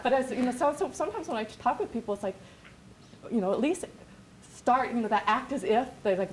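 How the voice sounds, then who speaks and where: A woman's voice: fairly high pitch, fast, a little hiss or hum. A woman business coach giving a workshop talk in a chatty, rambling way, full of restarts and quoted asides. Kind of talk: workshop presentation. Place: classroom.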